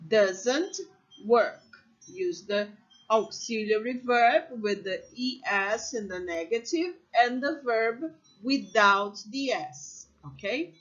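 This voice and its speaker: Slow, patient woman English teacher. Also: fairly high pitch, expressive, fairly bright tone, dull audio. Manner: patient, repeats examples and checks with "okay?". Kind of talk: slow, deliberate classroom explanation.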